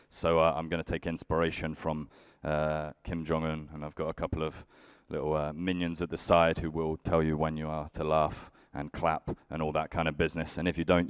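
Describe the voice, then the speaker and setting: A young British man doing a stand-up comedy set on a conference stage, with a dry, self-deprecating, deadpan delivery. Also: deep voice, clear, resonant tone, no echo. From United Kingdom. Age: young adult. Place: conference stage before a live audience.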